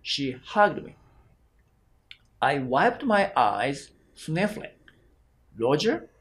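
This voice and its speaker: A man's voice: fairly high pitch, sing-song, fairly bright tone. A male exam prep teacher, reading an English exam passage aloud carefully. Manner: slow, careful read-aloud.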